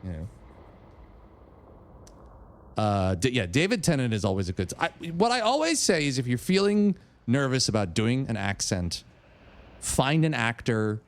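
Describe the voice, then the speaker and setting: Animated, theatrical streamer man. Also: mid-range voice. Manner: reads game text in a theatrical voice, breaks into swearing and laughing asides. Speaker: streamer and voice actor. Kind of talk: casual livestream commentary.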